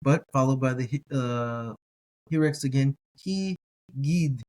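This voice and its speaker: Slow, deliberate male Hebrew reading teacher. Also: medium pitch, a little mellow. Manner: slow, deliberate, repeats each word several times; careful, self-correcting.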